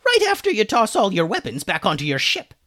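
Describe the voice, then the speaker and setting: A man voicing a brash, swaggering female pirate who yells and taunts, read aloud from a storybook. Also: high-pitched, wildly swooping pitch, brisk, no echo, studio quality, pitched above the performer's own voice, full character voice. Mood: taunting. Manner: taunting, loud yelling.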